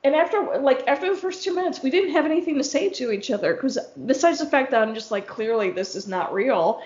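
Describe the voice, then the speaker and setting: A woman's voice: sits high, expressive, fairly quick, a little mellow, dull audio. A woman hosting a podcast, telling a story in a casual, rambling way with plenty of fillers and frank swearing. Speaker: podcast host.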